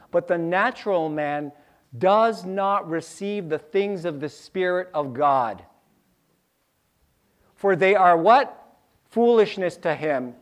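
Man, pastor, sermon, somewhat high voice, animated delivery, repeats lines for emphasis. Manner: animated, acts out little scenes with sound effects.

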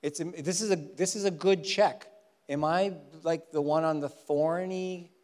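A pastor gives a lively, humorous sermon, poking fun at himself between passages. His voice sits a little high for a man, and he stretches out key verses word by word. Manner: humorous, self-mocking, lively storytelling; slows down to stress verses. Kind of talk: sermon with Bible reading.

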